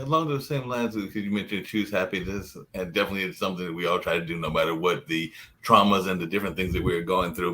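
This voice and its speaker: A man hosting a casual radio talk show, rambling in a relaxed way with repeated stock phrases. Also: sits low, rough recording.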